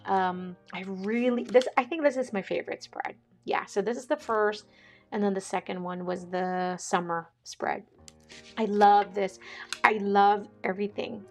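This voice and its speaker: A chatty woman talks casually in a vlog. Her voice sits mid-range and she is excitable, laughing often. Faint music plays behind her. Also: medium pitch. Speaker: vlogger. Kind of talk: casual chat.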